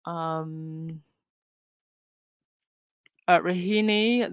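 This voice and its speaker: A woman's voice: lowish voice, a little slow, long pauses, a bit bright, dry recording. A woman hosting her own commentary channel, talking casually with lots of fillers and restarts. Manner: chatty, many fillers and restarts. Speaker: channel host.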